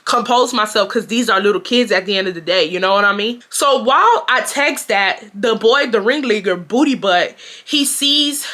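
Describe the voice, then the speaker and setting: A woman in her twenties from Houston, telling a story to her viewers in a blunt, slangy, animated way. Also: mid-range voice, moderate pace. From Houston, Texas, US. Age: 20s. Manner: animated, addresses viewers as "y'all", acts out quotes; blunt, slangy, swears freely. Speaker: storytime vlogger.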